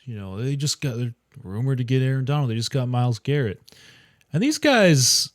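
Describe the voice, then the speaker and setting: A man's voice: medium pitch, very animated, fairly quick, no echo. A man leads a casual sports podcast discussion in an ordinary mid-range voice. He tosses questions to his co-hosts to move things along, and he sounds dry and close to the mic. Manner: asks questions, steers the conversation.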